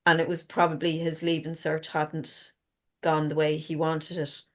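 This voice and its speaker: A woman's voice: sits low, flat delivery, normal speed. Woman, middle-aged, frank storyteller, swears casually, panel chat. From Ireland. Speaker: guest author.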